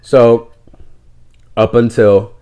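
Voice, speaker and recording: A man's voice: mid-range voice, level tone, very slow, dark tone, clear, resonant tone. A middle-aged man, telling a personal story in a candid, rambling, conversational way. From New York City. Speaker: podcast host.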